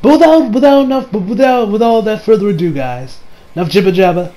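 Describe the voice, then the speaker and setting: A man giving a casual anime episode review, excitable and swearing, recapping scenes with mock quotes. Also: high-pitched, a little fast, low-quality recording.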